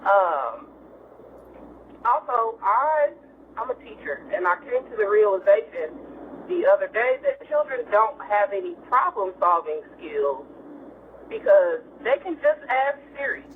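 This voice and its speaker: A woman's voice: mid-range voice, big pitch swings, measured pace. A woman teacher leaves a call-in message for a podcast. She is chatty, blunt and exasperated, and her voice swings up and down a lot. The call comes through a tinny phone line with faint hiss. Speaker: caller, teacher.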